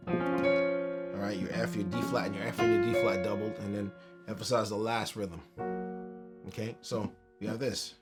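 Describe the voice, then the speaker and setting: A man teaching a keyboard tutorial in a relaxed, conversational way, counting beats aloud as he plays. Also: fairly low pitch, moderate pace, pauses often. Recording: piano music under the voice.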